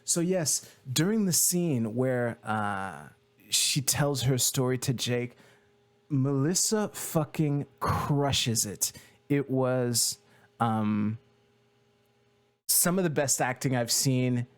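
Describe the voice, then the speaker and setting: A man's voice: medium pitch, slow. A young man from Quebec giving casual TV commentary, rambling loosely with many fillers and offhand swearing. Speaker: video creator.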